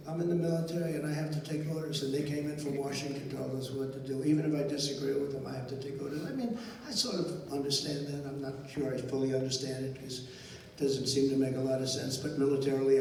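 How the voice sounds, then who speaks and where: A man's voice: medium pitch, steady tone, fast, vocal fry, darkish tone, recorded from a distance, slight background noise. An older man giving a rambling rally speech, telling an anecdote with acted-out dialogue. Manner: digressive storytelling, acts out quoted dialogue. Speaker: political speaker at a rally. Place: large indoor event hall. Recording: echoey hall, voice from afar.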